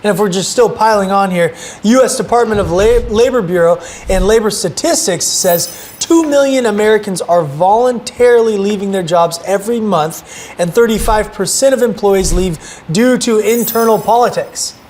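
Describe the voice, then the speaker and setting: A man's voice: high-pitched, normal speed, a little mellow, slight background noise. A man co-hosting a business podcast, upbeat, asking prompting questions and citing statistics. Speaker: podcast co-host. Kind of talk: podcast interviewing.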